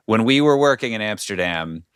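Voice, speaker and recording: Smooth-voiced male podcast host. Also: fairly low pitch, animated, normal speed, fairly bright tone, dry recording, clean studio sound. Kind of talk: casual podcast chat.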